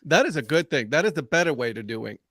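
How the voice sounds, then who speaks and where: A man's voice: on the high side, very animated, fast talker, a bit bright, no room sound, clean studio sound. A man co-hosting a podcast, teasing his co-host and laughing often in casual chat over a video call.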